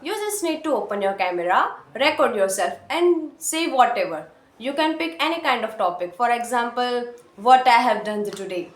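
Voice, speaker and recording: A woman with an Indian accent talking earnestly to her camera, encouraging learners and pausing often on "uh" fillers. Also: fairly high pitch, expressive. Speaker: English-learning vlogger. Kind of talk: casual talk to camera. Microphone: phone or camera mic. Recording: echoey room.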